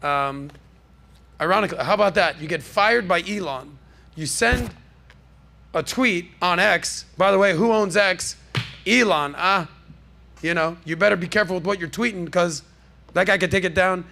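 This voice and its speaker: A man hosts a casual podcast in a brash, jokey, salesman-like way. His voice sits high and has a gravelly rasp with a bright, forceful edge. He speaks from a podcast studio. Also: moderate pace. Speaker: podcast host. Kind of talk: casual pop-culture podcast commentary.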